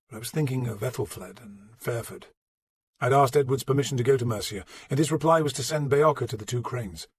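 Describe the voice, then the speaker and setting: A man narrating an audiobook in a measured, steady storytelling manner. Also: mid-range voice, breathy edge, no echo. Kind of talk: scripted narration.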